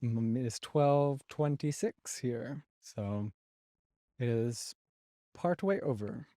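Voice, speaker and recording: A man's voice: mid-range voice, lively intonation, mellow, dry recording. A man with a mid-range voice chats as a podcast guest in a playful, easygoing way. He talks casually over a video call. The sound is dry, with no room around it. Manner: playful, easygoing, quick to laugh. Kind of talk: casual chat.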